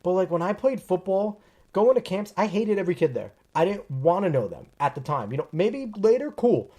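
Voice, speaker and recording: A man's voice: high voice, fairly quick. A man hosting a podcast, chatting casually about sports and talking with emphasis. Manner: emphatic, animated storytelling. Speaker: podcast host.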